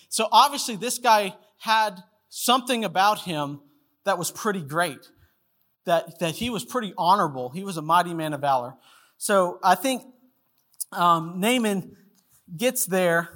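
High bright-voiced guy preaching, retells the story and plays all the parts. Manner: storytelling, acts out quoted voices. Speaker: pastor. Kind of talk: sermon.

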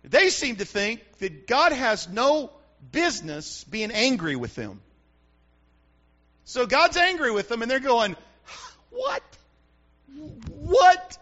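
A man's voice: very high voice, bright, forceful tone, muffled recording. A man preaching a sermon as pastor, emphatic and repetitive, asking the congregation rhetorical questions.

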